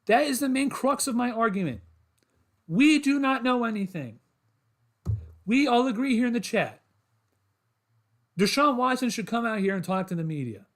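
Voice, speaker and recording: High-voiced man ranting about football. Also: expressive, fairly quick, fairly bright tone. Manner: frustrated, repetitive, addresses chat as guys. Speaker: sports podcast host. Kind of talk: solo livestream sports rant.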